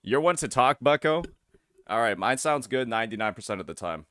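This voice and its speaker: A man's voice: medium pitch, lively intonation, brisk, fairly bright tone, no echo, studio quality. A man streaming a reaction to a video, talking casually and hesitantly, often restarting his sentences and asking questions.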